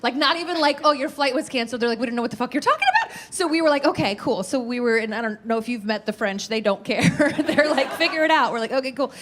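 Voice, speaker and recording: Brash, high-voiced woman doing stand-up. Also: quick pace, few pauses, fairly bright tone. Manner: brash, profane, laughing through punchlines. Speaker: stand-up comedian. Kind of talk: stand-up comedy set. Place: comedy club stage. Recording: live club with crowd laughter and noise. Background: audience laughter.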